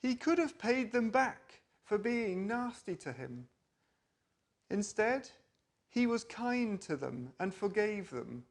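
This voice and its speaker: A children's church leader giving a gentle reflection on a story and leading a prayer. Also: mid-range voice, very animated. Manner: slow, gentle, deliberate.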